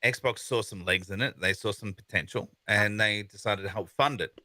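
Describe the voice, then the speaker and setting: A man's voice: lowish voice, moderate pace, sharp tone, no echo. A man co-hosting a gaming podcast in casual chat, rambling on with lots of "you know" and restarts. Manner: rambling, many fillers and restarts. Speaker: podcast co-host.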